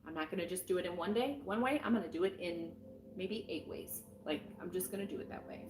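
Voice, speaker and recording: A woman's voice: lowish voice, fast talker. A middle-aged woman giving a casual weekly tarot reading in a frank, encouraging and rambling way, with plenty of fillers. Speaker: tarot reader. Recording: roomy with faint music behind.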